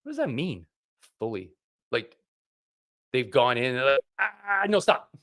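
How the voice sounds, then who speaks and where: Guy ranting on his livestream, sarcastic, animated, mid pitch. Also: moderate pace. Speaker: host. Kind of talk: casual livestream chat.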